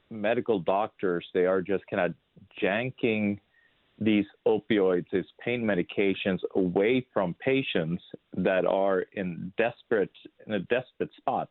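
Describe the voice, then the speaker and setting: A man hosts an interview in a fairly low voice and talks haltingly, restarting his sentences and leaning on fillers. His voice sounds narrow and phone-like, as if over a call. There is no reverb at all. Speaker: interview host. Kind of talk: interview conversation.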